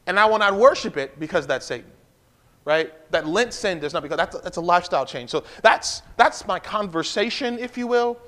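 A man's voice: high voice, expressive, fairly quick, pushed and bright. A male pastor preaching a livestream sermon in a conversational way, repeating key lines and stopping for asides to the congregation.

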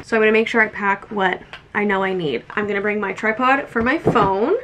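A woman's voice: medium pitch, fairly bright tone, slight background noise. A young woman vlogger chatting casually as she talks through her makeup routine. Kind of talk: casual vlog chat.

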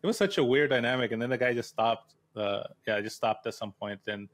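A man hosting an interview, chatting casually in a relaxed, rambling way with lots of filler words. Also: mid-range voice, fairly quick. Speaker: host interviewer.

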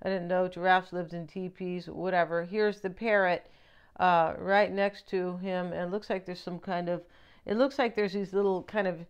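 A woman doing a casual tarot reading, chatty and lively, often asking "right?" as she talks. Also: lowish voice, moderate pace, smooth, dull audio. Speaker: tarot reader.

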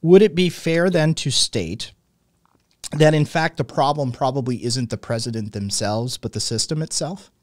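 Man in his late thirties, podcast host, rambling and talkative, mid pitch, dry close sound. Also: normal speed, dry recording. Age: late 30s. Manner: talkative, wordy, many fillers and restarts. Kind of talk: conversational interview.

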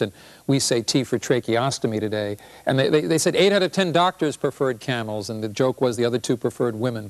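A middle-aged man, a physician, giving a lecture-style talk on a health show, wry and storytelling, with rhetorical questions. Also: medium pitch.

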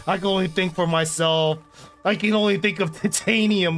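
A young man streaming a video game, rambling loudly to chat, swearing and bursting into yells. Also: high-pitched, fairly even intonation, moderate pace, faint music behind. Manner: loud, rambling and profane, bursts into yelling. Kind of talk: casual live-stream chat while gaming.

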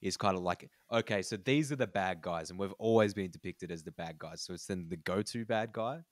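Low-voiced rambling man, dry sound. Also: no room sound. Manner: rambling, halting with repeated fillers. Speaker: podcast co-host. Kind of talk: casual chat.

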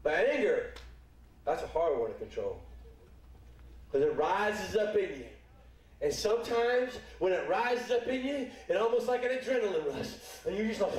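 Middle-aged man, pastor, sermon, folksy and playful, high voice, booming church echo. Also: animated, normal speed, a little mellow, recorded from a distance. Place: church sanctuary. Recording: echoey church hall, speaker away from mic.

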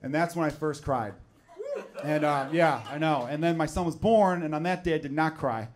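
A man, working a comedy club stage into a handheld mic. His voice sits slightly high for a man, and his easy chat keeps bursting into shouted, over-the-top voices for the people in his stories. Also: normal speed, crowd noise. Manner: conversational, jumps into loud exaggerated voices for characters. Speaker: stand-up comedian. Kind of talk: stand-up comedy set.

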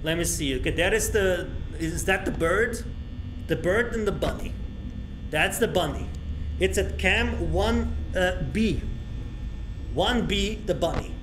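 A man's voice: high voice, animated, measured pace, background noise. A male streamer reacting to a horror game, crude and panicky, swearing and yelping at every scare.

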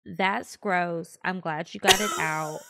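A woman's voice: fairly low pitch, fairly even intonation, slow, gravelly, heavy background noise. A woman hosting a podcast, reacting to her co-host in a blunt, teasing way. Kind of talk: casual chat.

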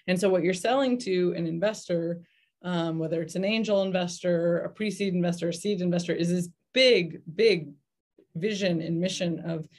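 A middle-aged woman with a somewhat low voice, speaking as a guest on an interview podcast. She talks in a thoughtful, conversational way, pausing often on ums and restarting her sentences. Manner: thoughtful, many fillers and restarts. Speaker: venture investor guest.

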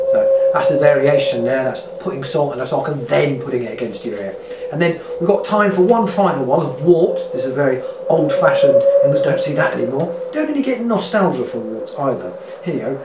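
A man's voice: medium pitch, expressive, fairly quick. A man vlogger reading from a book for laughs, with dry jokes and many fillers. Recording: roomy, distant mic, clear ambient noise.

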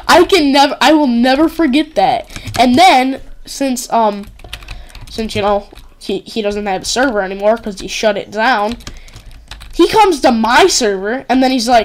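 A woman's voice: high voice, animated, normal speed. Giggly rambling woman gaming. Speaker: gaming channel host. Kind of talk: casual let's-play commentary.

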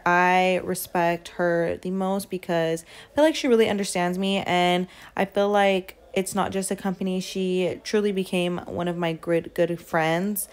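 A woman vlogging in a casual, chatty and emotional way, tired and sometimes swearing. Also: lowish voice. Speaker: fitness vlogger. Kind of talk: casual vlog chat. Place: hotel room.

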